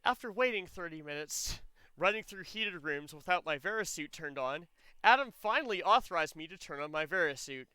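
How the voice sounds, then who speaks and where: A man doing a mocking impression of a female space bounty hunter, speaking in a flat, robotic deadpan. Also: a little high, normal speed, smooth, dry recording, rough recording.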